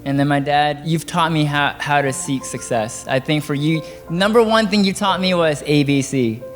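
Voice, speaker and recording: A man giving his wedding toast as the groom, relaxed and joking, with many fillers. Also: fairly high pitch, normal speed. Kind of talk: casual wedding speech. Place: large reception hall. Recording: reverberant hall with music.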